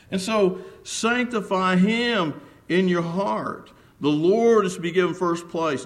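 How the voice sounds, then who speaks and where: Male preacher, higher-pitched voice, earnest sermon delivery with repeated phrases and questions to the congregation.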